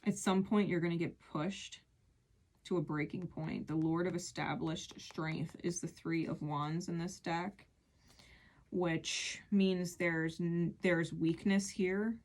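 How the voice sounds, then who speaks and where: A woman's voice: lowish voice, fairly even intonation, slow pace, a little mellow. Earnest woman giving a tarot reading. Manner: earnest, emphatic, repeats phrases. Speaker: tarot reader.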